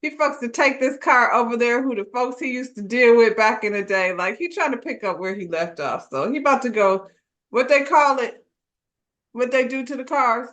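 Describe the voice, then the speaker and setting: A woman's voice: fairly high pitch, normal speed, a bit bright. A woman co-hosting a casual show, recapping a TV episode in slangy, laugh-filled storytelling and acting out the characters' lines. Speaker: podcast co-host reviewing a TV episode.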